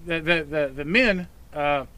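A man's voice: a little high, unhurried, sharp tone. A middle-aged American man being interviewed on the street, blunt and wry. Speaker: passerby interviewee. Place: outdoors on a street.

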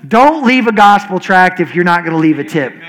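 A male pastor in his forties delivers a sermon in a fairly high voice. He talks quickly and earnestly, often restarting his sentences as the words tumble out. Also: animated, fairly bright tone, rough recording. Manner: fast-talking, earnest, with frequent restarts.

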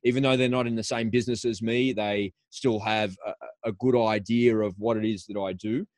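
A man's voice: on the low side, fairly even intonation, a little fast, a little mellow, dry recording. A man hosting an interview in a studio, telling stories with enthusiasm and often repeating words as he gathers his thoughts. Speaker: podcast host. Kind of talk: casual conversational interview.

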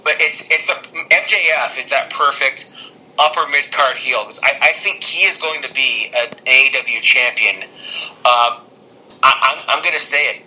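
Bright-voiced rambling podcast guy. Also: medium pitch, moderate pace, poor audio. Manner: rambling, lots of restarts and "like". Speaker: podcast co-host. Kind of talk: casual podcast chat.

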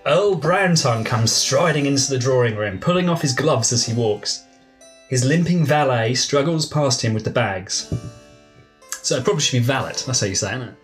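Male narrator running an improv session; casual, amused, lively pitch. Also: normal speed, soft background music. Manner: amused, chatty. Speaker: narrator and game runner.

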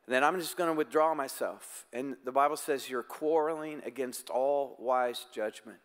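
A man's voice: a little high, normal speed, a bit bright, smooth. Man, preacher, resonant voice, casual earnest sermon, echoing church hall. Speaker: pastor. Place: church sanctuary. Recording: long church-hall reverb.

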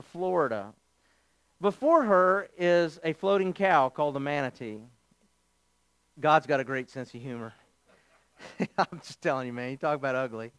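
High-voiced animated male preacher. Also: clear, resonant tone, no room sound. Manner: animated, joking storyteller. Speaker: pastor. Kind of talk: sermon with humorous storytelling.

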